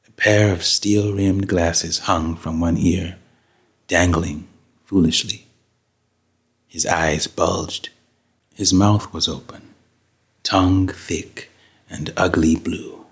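A man reading a story aloud as narrator in a measured, dramatic way. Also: low voice, steady tone, husky. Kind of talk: scripted audiobook narration.

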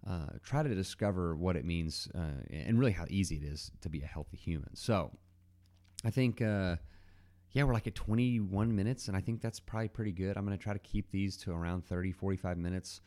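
A man with a very low, mellow voice talks alone into the mic as a podcast host. His delivery is loose and rambling, full of ums and restarts. It sounds unscripted. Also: fairly quick. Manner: rambling, many fillers and restarts. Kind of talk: casual solo podcast monologue.

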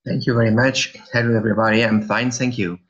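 A middle-aged man from France with a French accent, answering interview questions in a halting, hesitant way. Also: medium pitch, flat delivery, fairly bright tone, dull audio. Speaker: guest.

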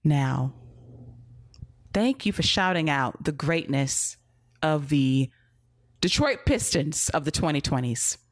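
A woman co-hosting a casual wrestling podcast, animated and teasing, talking in an exclamatory way. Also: sits low, takes it slowly, pauses often. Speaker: podcast co-host.

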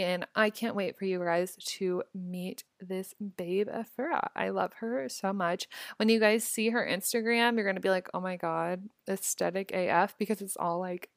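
Woman, bubbly podcast host, chatty, mid pitch, dry close sound. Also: fairly bright tone, dry recording. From Nebraska, US. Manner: bubbly, chatty, heavy use of "like" and "literally". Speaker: podcast host and mindset coach. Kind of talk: casual chat.

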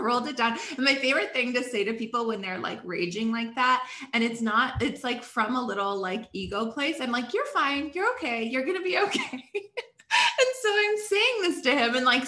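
A woman's voice: on the high side, bright, forceful tone, echoey room. A woman hosting a podcast, telling a story in casual chat with lots of filler words and laughter. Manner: chatty storyteller, many "like" fillers, laughs often. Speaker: podcast host.

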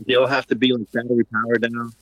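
A man's voice: mid-range voice, little pitch movement, quick pace, fairly bright tone, no room sound. A male musician calling into a talk show, rambling and opinionated, heard over an internet call. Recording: dull, dry internet call audio.

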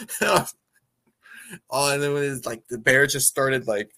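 A man's voice: slow pace, creaky, pauses often. A man co-hosting a podcast, giggling and reacting expressively while recapping a movie. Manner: giggly, expressive, jumps up in pitch when reacting. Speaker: podcast co-host. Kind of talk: casual chat recapping a movie.

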